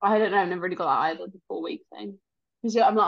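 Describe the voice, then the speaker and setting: A woman's voice: medium pitch, fairly even intonation, creaky. Teasing woman, dull lo-fi sound. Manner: teasing, quick to joke and exclaim. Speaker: podcast co-host. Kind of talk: casual chat.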